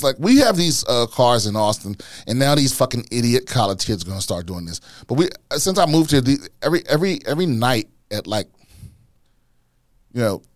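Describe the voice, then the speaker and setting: A man hosting a casual podcast, ranting in a profane, animated way and repeating himself as he gets worked up. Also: medium pitch, no echo, studio quality. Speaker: podcast host, comedian.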